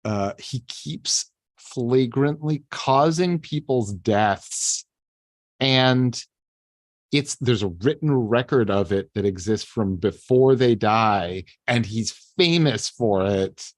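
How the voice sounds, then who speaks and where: A man's voice: mid-range voice, animated, slow, no echo. A man co-hosting a podcast in casual chat, rambling loosely and swearing offhandedly. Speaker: podcast co-host.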